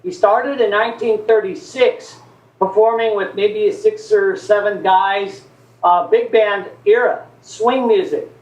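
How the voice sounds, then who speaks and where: A man, a guest on a chat show, telling a long anecdote in a lively, chatty way and acting out the quoted voices. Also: high voice, unhurried, reverberant, highs cut off. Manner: animated storyteller acting out quotes. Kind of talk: casual storytelling chat.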